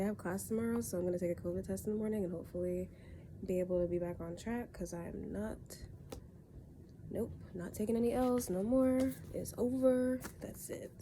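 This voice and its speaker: This young tarot reader has a mellow, medium-pitched voice, and a little hiss or hum runs underneath. Stuffed up with a cold, she does a casual reading from her bed at home, wandering and correcting herself loosely.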